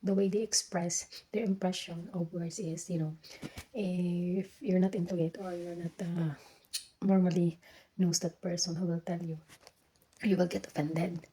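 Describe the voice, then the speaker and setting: Filipina woman telling a story, mellow voice. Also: fairly low pitch, flat delivery, slight background noise, poor audio. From Philippines. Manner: halting, many restarts and fillers, drifts into whispers. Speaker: vlogger. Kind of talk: casual storytelling vlog.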